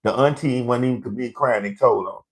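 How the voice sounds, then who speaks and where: A man's voice: mid-range voice, fast talker. A man hosting a live comedy show, ranting in a brash, profane storytelling way to online viewers.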